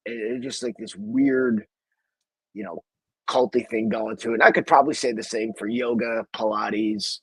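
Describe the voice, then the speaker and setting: A man's voice: lowish voice, steady tone, normal speed, a bit bright, husky, no room sound, low-quality recording. A man hosting a podcast, talking in a rambling, profane, casual way. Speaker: podcast host.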